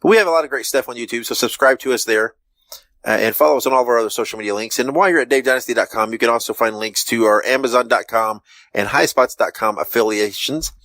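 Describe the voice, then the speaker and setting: Host, halting plug read full of fillers, dry close sound. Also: male voice, mid-range voice, fairly bright tone, no echo. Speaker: podcast host. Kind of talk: show outro and plugs.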